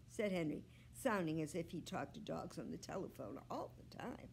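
A librarian woman reading a children's book aloud with slow, expressive storytelling. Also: lowish voice, creaky, slight background noise.

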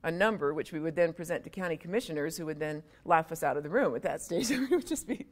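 A woman's voice: low voice, fast. A woman giving a public university lecture in a conversational way, with wry, self-deprecating humor and frequent asides.

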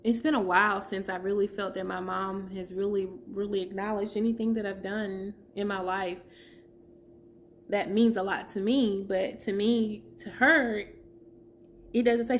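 A woman in her thirties giving a heartfelt personal testimony as a vlogger, pausing to search for her words. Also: mid-range voice, steady tone, a little hiss or hum.

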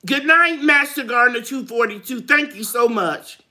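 A woman's voice: on the high side, expressive, moderate pace, pushed and bright. A middle-aged woman, hosting a gardening live chat in a chatty way, reading out viewer comments and laughing often. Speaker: gardening channel host.

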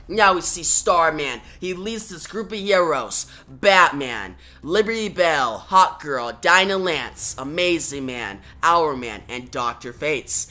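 Bright-voiced comic reviewer narrating plainly. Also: medium pitch, lively intonation, takes it slowly, few pauses. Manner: plain step-by-step narration, frequent "now". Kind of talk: casual retelling of a comic issue.

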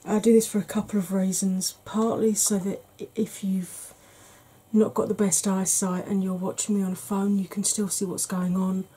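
Woman doing a chatty asmr makeup tutorial, warm mellow voice with some breathy whispering. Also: medium pitch, little pitch movement, moderate pace, rough recording. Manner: soft, partly whispered, chatty and explanatory.

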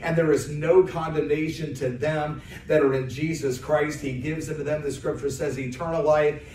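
A man's voice: on the high side, steady tone, a little mellow, a little hiss or hum. An American man preaching a sermon as an evangelist, praying and then building to emphatic, rising lines. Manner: preaching with emphatic rises, pausing on fillers. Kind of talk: sermon with prayer. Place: church sanctuary. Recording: distant roomy church sound.

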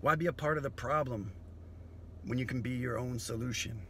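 A man's voice: medium pitch, a little fast, pushed and bright, a little hiss or hum. A man comedian delivering a profane, philosophical monologue.

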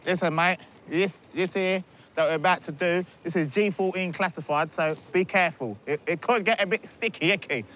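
An actor playing a swaggering, self-important parking enforcer, chatty and mocking. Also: male voice, high-pitched, moderate pace, fairly bright tone, slight background noise. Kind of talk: mockumentary comedy acting.

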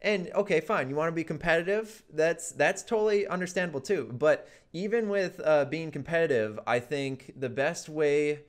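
A man's voice: on the high side, normal speed, hardly any pauses. A man talking casually and earnestly about a video game, rambling with lots of fillers. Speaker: gaming YouTuber. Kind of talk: casual advice monologue.

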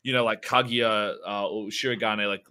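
Podcast dude rambling about stuff he loves, bright voice, swears constantly. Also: fairly low pitch, moderate pace, smooth. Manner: excitable, swears a lot, rambling. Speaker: podcast co-host. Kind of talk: casual chat.

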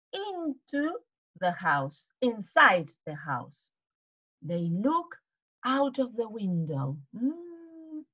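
A woman teaching to children, retelling a storybook in an animated way, with gasps and questions to the kids. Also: a little high, highs cut off.

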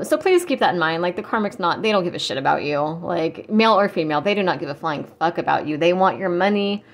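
A woman tarot reader channeling in a casual, rambling way, blunt and given to swearing. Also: mid-range voice. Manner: rambling, blunt, swears, mocks in quoted voices. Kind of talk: casual spiritual channeling talk.

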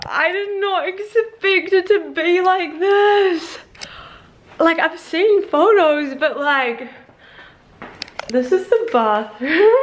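A young woman in her twenties vlogging casually, gushing and swearing with excitement, at times tearful. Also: extremely high pitch. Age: young adult. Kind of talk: casual vlog.

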